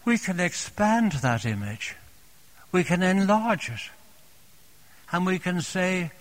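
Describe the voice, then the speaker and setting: A man preaching a sermon, speaking gently and tenderly, repeating phrases softly and addressing the congregation as dear friends. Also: sits high, very animated, slow, pauses often.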